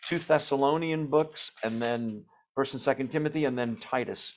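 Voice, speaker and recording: A man's voice: mid-range voice, moderate pace. A man leading an informal Bible study, explaining verse by verse with conversational asides. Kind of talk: informal teaching.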